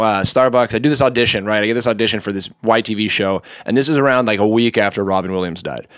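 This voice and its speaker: Young male comedian from Montreal, rapid-fire, manic storyteller, foul-mouthed, dry close mic. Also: clean tone, no echo. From Montreal, Canada. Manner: high-energy, manic, swears freely, bursts into impressions. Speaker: stand-up comedian, podcast guest. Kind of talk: casual storytelling chat.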